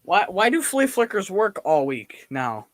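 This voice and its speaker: A man's voice: high-pitched, very animated, a little slow, no room sound. A man hosting a casual sports stream, laughing easily and reacting to plays as they happen. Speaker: stream host.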